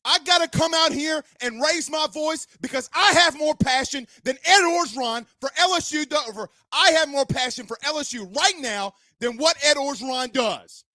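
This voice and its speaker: A man's voice: very high voice, moderate pace, hardly any pauses, no room sound. A man hosting a sports show, ranting about his team's loss and raising his voice. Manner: ranting, shouting at times. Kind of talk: fired-up sports rant.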